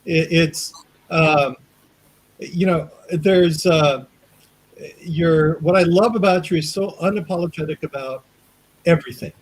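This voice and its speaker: A man's voice: a little high, measured pace, pauses often, poor audio. A man hosting an interview show, asking friendly, rambling questions full of fillers. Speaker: show host. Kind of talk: casual interview chat.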